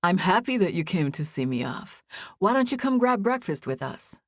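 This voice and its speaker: A woman narrator voicing a gentle, caring young man who speaks softly and coaxingly. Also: lowish voice, sing-song, moderate pace, breathy edge, dry recording, clean studio sound. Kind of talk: audiobook character voice.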